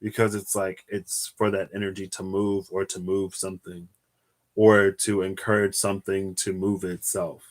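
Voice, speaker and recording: A young man with a slightly low voice talks his way through a tarot reading. He sounds tired and muses aloud, drifting between thoughts and sighing between them. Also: little pitch movement, normal speed. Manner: musing, chatty, drifts into laughs and sighs. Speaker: tarot reader. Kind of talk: casual solo tarot livestream.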